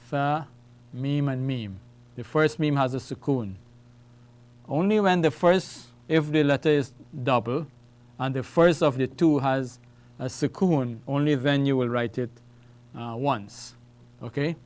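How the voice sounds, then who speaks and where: Slow, deliberate male Arabic teacher. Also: mid-range voice. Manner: slow, deliberate, repeats words for students to follow; ends phrases with "all right?" and "okay?". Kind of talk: classroom lesson at a whiteboard.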